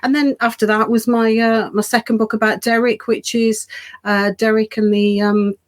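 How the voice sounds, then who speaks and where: Chatty Birmingham woman, higher voice. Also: flat delivery, normal speed. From Birmingham, England. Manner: warm, chatty, laughs lightly, self-deprecating. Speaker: children's author, guest. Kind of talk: casual interview.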